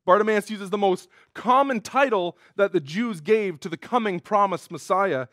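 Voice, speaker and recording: A male pastor preaching a sermon in an earnest way, rising in pitch and force when he quotes cries. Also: normal speed, a bit bright, no room sound, clean studio sound.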